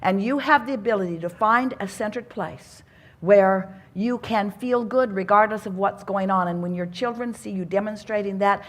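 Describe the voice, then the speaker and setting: A woman addresses a live audience at a self-help seminar, giving an inspirational talk in an earnest tone with odd turns of phrase. Her voice is mid-range at a moderate pace.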